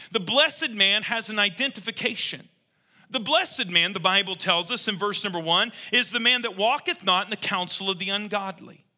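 Male pastor, sermon delivery; high, piercingly bright tone, conversational with emphatic swells. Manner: emphatic preaching, swings from quiet asides to loud bursts; conversational, quotes imagined listeners.

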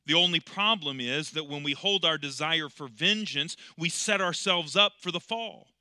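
A man preaching a sermon in a very bright, slightly high voice. He moves from loud, emphatic lines to quiet, slow storytelling and stretches the words he wants to stress. The sound is close and dry, with no room echo. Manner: swings between loud, emphatic passages and quiet, drawn-out ones. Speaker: pastor.

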